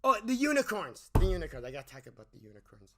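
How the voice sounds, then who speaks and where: A man's voice: high voice, big pitch swings, fast, noisy background. A man giving an exasperated, ranting movie review, often stumbling and repeating words as he restarts. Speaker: movie critic.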